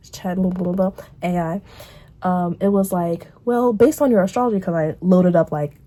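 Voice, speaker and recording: A woman's voice: fairly low pitch, mellow. A young woman vlogging casually, rambling through a catch-up and quoting herself with put-on voices.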